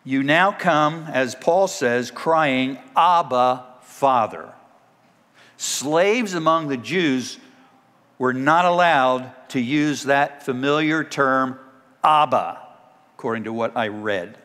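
A male pastor delivering a sermon at an unhurried pace, his voice trailing off into the long reverb of a church hall. His pitch sits in an ordinary middle range. At times he bursts into loud, dramatic cries to act out a scripture scene. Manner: dramatic shouted cries when acting out scripture. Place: church sanctuary.

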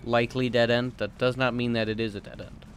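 A young man streaming a video game, commentating loudly as he swears at being lost. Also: medium pitch, level tone, brisk, a little hiss or hum. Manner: loud, swearing and frustrated with the game. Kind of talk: live gameplay commentary.

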